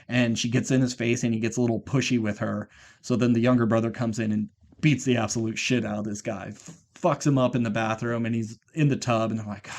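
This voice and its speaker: A man's voice: fairly low pitch, steady tone, moderate pace, a little mellow. A man co-hosting a podcast, casually retelling a movie plot in a rambling way, swearing and acting out the characters' lines. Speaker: podcast co-host. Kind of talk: casual film recap chat.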